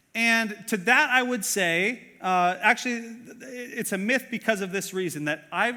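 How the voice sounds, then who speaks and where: A man's voice: high-pitched, bright, forceful tone, long reverb tail. A man preaching a sermon as pastor, earnest and conversational, with many fillers and questions to the congregation. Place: church auditorium.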